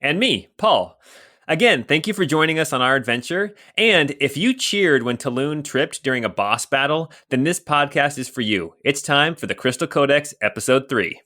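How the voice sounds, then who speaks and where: A man hosting and narrating as game master of a tabletop game in a lively, energetic way. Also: fairly high pitch, normal speed, no room sound.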